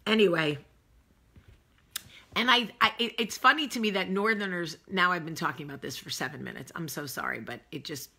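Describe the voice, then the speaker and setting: A woman's voice: on the low side, a little fast, gravelly, sharp tone, husky. A woman in her forties from the northeastern United States, hosting a rambling, self-deprecating casual chat. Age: 40s. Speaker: host.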